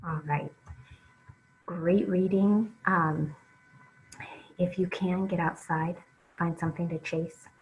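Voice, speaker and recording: A woman with a low voice leads a reading lesson for young children and takes each line slowly and patiently. The audio sounds a little muffled, with faint music underneath. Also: fairly even intonation, slight background noise. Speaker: reading teacher.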